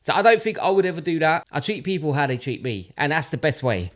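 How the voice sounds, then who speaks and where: A man's voice: a little high, very animated, fast talker, slight background noise. Chatty British man reacting to a video. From United Kingdom. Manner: friendly, chatty asides. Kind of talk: casual reaction commentary.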